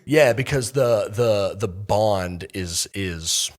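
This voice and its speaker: A man with a low voice chats casually on a church podcast. He talks in halting stretches, circling back and restarting as he works through an idea. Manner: hesitant, many restarts and fillers. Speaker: pastor and podcast co-host.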